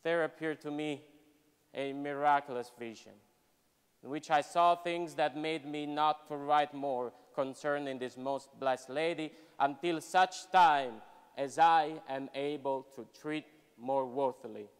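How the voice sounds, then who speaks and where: A man, a professor, giving a solemn, measured, expressive dramatic reading in a university hall. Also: fairly high pitch, smooth. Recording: long hall reverb at a live event.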